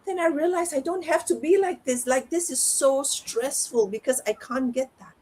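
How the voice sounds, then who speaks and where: A woman's voice: sits high, normal speed, warm tone. A middle-aged woman, a parenting and life coach, talking candidly and reflectively as an interview guest. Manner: reflective, talks herself through things aloud.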